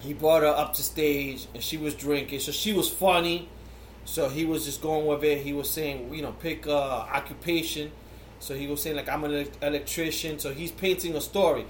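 A podcast host, a man with a slightly high voice, tells a meandering story full of fillers and the odd curse. It is casual chat, not a performance. The room around him is echoey, with faint noise underneath. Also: fairly even intonation, normal speed. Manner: rambling storyteller, heavy fillers and swearing.

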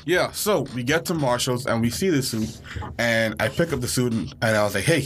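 A young man from the Bahamas, co-hosting a podcast, telling a story in a casual, animated way, acting out the panicked quotes. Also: mid-range voice, a little fast. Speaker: podcast co-host.

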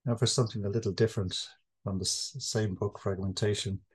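A man reading his poetry aloud at a live event, slow and measured. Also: fairly low pitch, fairly even intonation, breathy edge. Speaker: poet.

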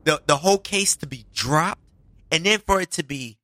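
Lively high-voiced man hosting a podcast. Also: moderate pace, no echo. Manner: animated, laughing, stammering restarts. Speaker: podcast host. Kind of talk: casual podcast banter.

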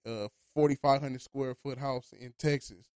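In this dry recording, a male studio host from Los Angeles keeps his podcast chat casual, rambling loosely and frequently asking "you know what I'm saying." He speaks at a normal speed in a mid-range voice with a darkish tone and fairly even intonation.

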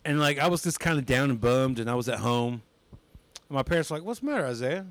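There's a faint hiss or hum behind this medium-pitched young man, who speaks a bit fast. As a comedian guest on a podcast, he shares stories in easygoing chat, animated and laughing a lot.

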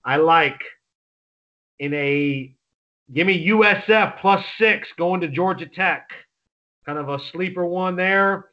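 Excitable man with a high-set voice. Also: slow, pauses often, lo-fi sound. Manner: rambling, excitable, frequent restarts. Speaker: sports podcast co-host. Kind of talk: casual sports betting chat.

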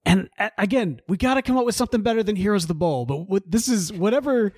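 A man co-hosting a podcast in casual chat, joking and animated. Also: high voice, fast talker, no echo, studio quality. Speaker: podcast co-host.

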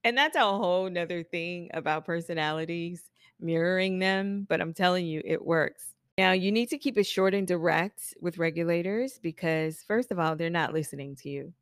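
A chatty woman with a somewhat low voice talks casually to hairstylists about running a business. She laughs often and slips into quick impressions of her clients. The sound is dry and close, with no room around it. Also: dry recording. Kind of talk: casual solo podcast talk.

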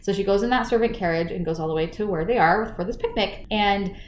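A woman co-hosting a casual book chat, retelling the plot with lively acted-out quotes. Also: medium pitch, fast talker, echoey room, a little hiss or hum. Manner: retells the plot animatedly, acting out the characters' lines. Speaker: podcast co-host recapping a book.

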